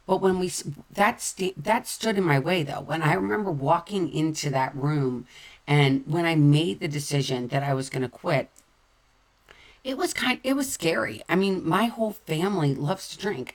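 Low-voiced woman, candid recovery talk. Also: moderate pace. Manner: candid, conversational, repeats phrases for emphasis. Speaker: sober-living speaker.

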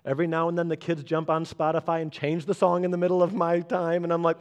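A man in his thirties preaching a sermon, animated and acting out little voices as he speaks. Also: fast, few pauses. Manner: animated, acts out voices with big pitch jumps. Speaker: pastor.

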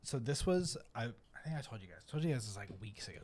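A man's voice: mid-range voice, fast talker. A young man co-hosting a podcast, telling a story in a loose, rambling way with lots of fillers. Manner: rambling storyteller, animated retelling. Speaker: podcast co-host. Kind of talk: casual chat.

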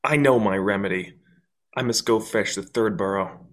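A man's voice: fairly low pitch, moderate pace, natural voice. A man reading a scolding tavern hostess. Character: angry tavern hostess, a woman. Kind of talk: Shakespeare play reading.

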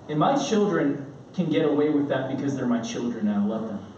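Man, thirties, pastor, sermon, lively storyteller, muffled dull sound, faint background noise. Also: medium pitch, a little fast, heavy reverb, far from the mic. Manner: animated storytelling, acting out his kids' shouts.

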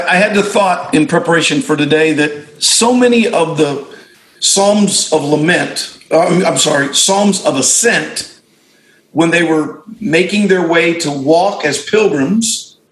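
A middle-aged man, a pastor, shares reflections in a relaxed talk among peers. His voice sits slightly high, and he often stops to restart or correct himself mid-thought. The room around him carries a noticeable echo. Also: unhurried. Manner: reflective storytelling with frequent restarts and self-corrections. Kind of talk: conversational discussion among fellow pastors.

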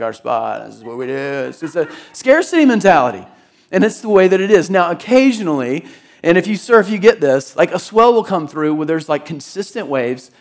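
A middle-aged man from the Jacksonville, Florida area, preaching a sermon in a conversational, storytelling way and acting out voices in his anecdotes. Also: high-pitched. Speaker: pastor.

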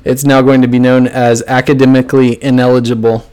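A man with a middle-pitched, ordinary voice hosting a casual sports podcast. He talks loosely, jokes around, and corrects himself mid-sentence. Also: little pitch movement, brisk, darkish tone, clear, resonant tone. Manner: loose, self-correcting, joking. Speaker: podcast host.

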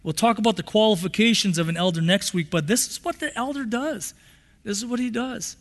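A male pastor preaches with passion, circling back and repeating his phrases as he builds. His voice sits high for a man. It carries a long reverb from the church hall around him. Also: brisk. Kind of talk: sermon.

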